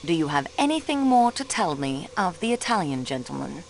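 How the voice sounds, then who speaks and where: A cool persistent detective, expressive voice, polite and pointed. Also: female voice, sits low, brisk, a little hiss or hum. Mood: probing. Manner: poised, probing and polite, with French phrases. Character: sharp young female sleuth, cool and persistent. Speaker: railway clerk acting as detective. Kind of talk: video game voice acting.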